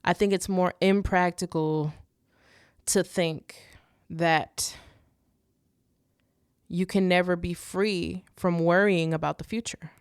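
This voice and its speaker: A woman's voice: fairly low pitch, steady tone, takes it slowly, long pauses, smooth, dry recording, studio quality. A young woman hosting a faith podcast, talking earnestly and casually, with many restarts and rhetorical "right?"s. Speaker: podcast host.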